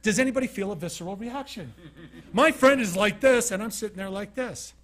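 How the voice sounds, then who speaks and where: High-voiced man giving a motivational talk. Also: normal speed, fairly bright tone. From Utah. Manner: conversational storytelling, asks the audience questions, acts out scenes. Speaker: keynote speaker. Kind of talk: motivational talk to a live audience.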